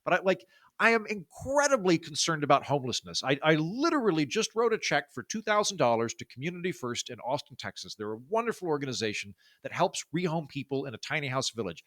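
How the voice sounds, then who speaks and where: A man from Oklahoma with a baritone voice, talking casually as a podcast guest, with lots of fillers and restarts. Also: big pitch swings, fast talker, fairly bright tone, no room sound, studio quality. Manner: chatty, many fillers and restarts. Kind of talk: casual interview talk.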